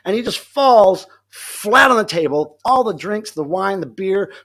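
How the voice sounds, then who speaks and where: A man hosts a casual livestream from home and tells a story to his chat. His voice sits a little high and sounds bright. He laughs often and acts out what people said. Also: animated, measured pace. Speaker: livestream host.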